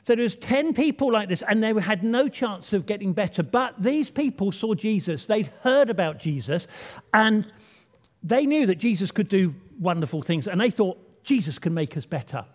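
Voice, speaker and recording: A man's voice: sits high, lively intonation, normal speed. A man leading an all-age church talk, playful and chatty, drawing the congregation in. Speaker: church leader. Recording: long hall reverb.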